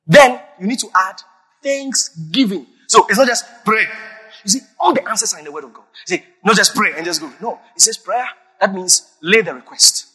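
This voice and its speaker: A man preaching a sermon as a pastor, emphatic and breaking into sudden shouts. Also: sits high, expressive, normal speed, breathy edge. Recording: long reverb of a large hall.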